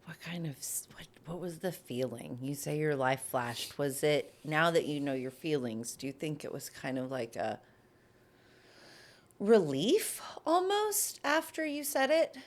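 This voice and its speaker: A woman's voice: sits low, big pitch swings, a little slow. A woman hosting a podcast, asking empathetic, probing questions. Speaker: podcast host. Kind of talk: interviewing.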